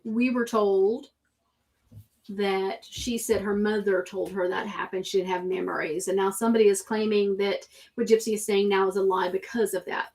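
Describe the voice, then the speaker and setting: A woman's voice: mid-range voice, fairly even intonation, moderate pace, darkish tone. A woman hosting a show, talking casually and emphatically, often repeating herself for effect. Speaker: host. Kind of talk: casual opinion talk.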